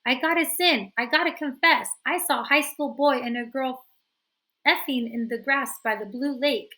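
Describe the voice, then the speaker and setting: A woman voicing a wild, loud, boastful schoolboy who shouts and pleads. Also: high-pitched, moderate pace, pitched above the performer's own voice.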